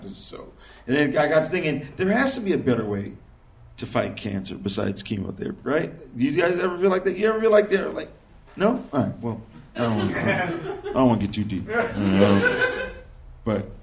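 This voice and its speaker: A young man doing a stand-up comedy set, telling stories loosely and profanely, acting out quick back-and-forth exchanges. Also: mid-range voice. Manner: loose, conversational, profane storytelling with quoted exchanges. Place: small comedy venue with live audience.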